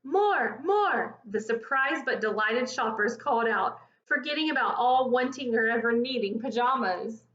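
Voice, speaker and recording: A woman reading a children's picture book aloud in an expressive, lively storytelling manner. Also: on the high side, moderate pace, few pauses. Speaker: storybook reader. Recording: echoey lo-fi room recording.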